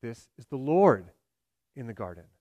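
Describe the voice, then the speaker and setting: A man preaching a sermon, swinging from loud emphatic lines to hushed, low delivery. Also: big pitch swings, moderate pace, no echo, dull audio. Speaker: pastor.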